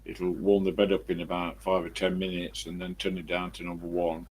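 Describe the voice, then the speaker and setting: East midlands bloke rambling on his home stream, lowish voice, drifts off the desk mic. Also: level tone, fairly quick, darkish tone, a little hiss or hum. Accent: East Midlands English. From England. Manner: rambling, chatty anecdotes. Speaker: live streamer. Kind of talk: casual live-stream chat answering viewers. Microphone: desk microphone he leans away from.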